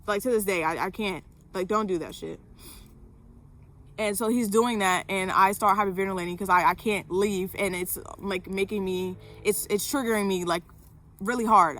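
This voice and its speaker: A woman's voice: medium pitch, bright, forceful tone, dry recording. Candid young woman telling a story. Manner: candid, fillers, frequent swearing. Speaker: vlogger. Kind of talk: personal storytelling to camera.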